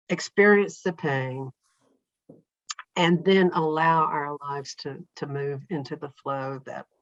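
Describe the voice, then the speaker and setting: As a podcast guest in a reflective conversational interview, a woman with a lowish voice speaks calmly and thoughtfully, sometimes voicing her inner thoughts as quoted lines. The audio is dry, slightly dull and muffled, with no room sound.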